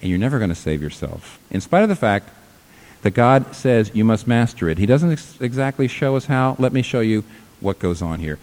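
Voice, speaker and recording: A low-voiced man preaching a sermon in a church. He talks emphatically, climbing to loud, high peaks and then dropping to quiet, low lines. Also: lively intonation, moderate pace. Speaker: pastor.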